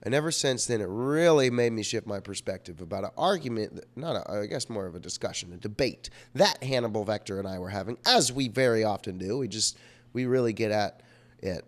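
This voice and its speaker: Speaking briskly in a fairly low voice, this young man vlogs a meandering story about himself while sick, cursing, mocking himself and leaning on filler words.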